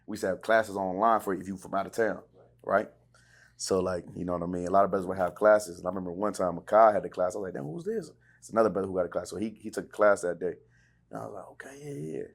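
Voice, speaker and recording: A man's voice: deep voice, flat delivery, rapid-fire. A man from California hosting a podcast interview in laid-back street slang. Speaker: podcast host. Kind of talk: casual interview chat.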